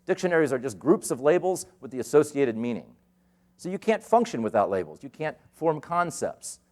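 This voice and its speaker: A middle-aged man giving a conference keynote, telling stories in an animated way and acting out the voices of the people he quotes. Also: mid-range voice. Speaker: keynote speaker. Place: conference hall stage.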